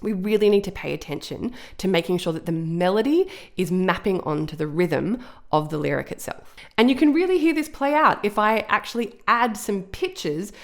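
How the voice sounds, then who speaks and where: A woman gives a songwriting lesson at a middle pitch, neither high nor low. She explains step by step and leans on the key words. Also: lively intonation, moderate pace. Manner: clear, emphatic teaching explanations. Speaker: songwriting teacher. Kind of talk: instructional video lesson.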